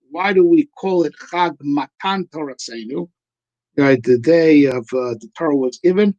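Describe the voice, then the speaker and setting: A man's voice: on the high side, a little mellow, no room sound, low-quality recording. A man, a rabbi, answering questions in a casual teaching talk, hesitant with many fillers and frequent "right?" tags.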